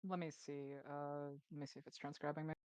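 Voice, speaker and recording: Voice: medium pitch, fairly even intonation, fairly quick, clear, resonant tone, no echo. A player in a tabletop game, giving brief, casual replies.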